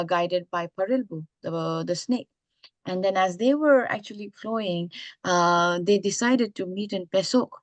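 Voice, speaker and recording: A woman from the Eastern Himalaya telling an old folk tale in an unhurried, searching way, full of pauses and fillers. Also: lowish voice, no room sound. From Eastern Himalaya, India. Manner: unhurried, with many fillers and restarts. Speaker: speaker retelling indigenous folk tales. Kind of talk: storytelling talk.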